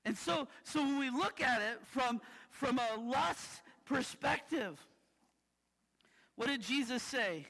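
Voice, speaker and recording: A man's voice: very high-pitched, lively intonation, takes it slowly, gravelly, pushed and bright. A man preaching a sermon in a casual way, telling personal stories and often checking in with "right?". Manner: casual, tags lines with "right?". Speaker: pastor. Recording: reverberant hall.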